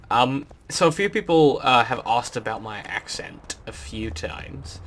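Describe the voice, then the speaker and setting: A young Australian man with an Australian accent touched with British, giving rambling, relaxed gameplay commentary full of ums. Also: on the low side, normal speed, hardly any pauses, a little hiss or hum. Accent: Australian, mixed with British. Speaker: let's play host.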